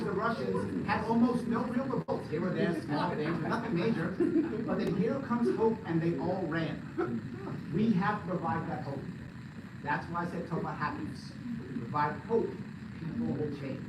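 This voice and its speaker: A man giving an animated, joking, emphatic speech to an audience at a live event. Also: high voice, moderate pace. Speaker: political commentator giving a speech. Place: large event hall. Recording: echoey hall from far off, loud noise.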